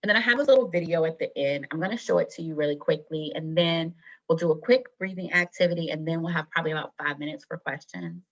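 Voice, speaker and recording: A woman's voice: deep voice, fast talker, lo-fi sound. A woman teacher leading an online wellness workshop, speaking casually and reassuringly with many fillers. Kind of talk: online presentation.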